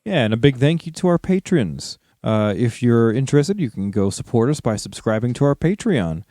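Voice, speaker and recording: Man, podcast co-host, relaxed, thankful, mellow tone, dry room. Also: mid-range voice, moderate pace, dry recording. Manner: easygoing, grateful. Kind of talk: casual podcast plug.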